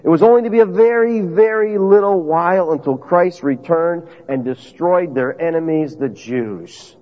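A man's voice: a little high, moderate pace. A man preaching a sermon in an emphatic, conversational way, putting questions to his listeners. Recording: dull lo-fi audio with long reverb.

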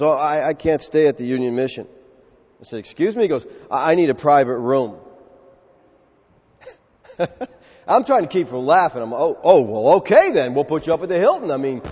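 A pastor preaching a sermon, telling stories with animation and acting out the voices of the people in them. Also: male voice, fairly high pitch, husky. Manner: animated storytelling, acts out quoted voices. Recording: dull lo-fi sound with long hall reverb.

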